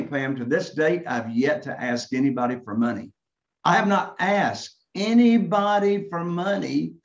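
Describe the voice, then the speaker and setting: Casting: lively man telling a story, fairly high voice, acts out calls; echoey, dull recording. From Eastern North Carolina. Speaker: real estate investor guest. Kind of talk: storytelling in a podcast conversation.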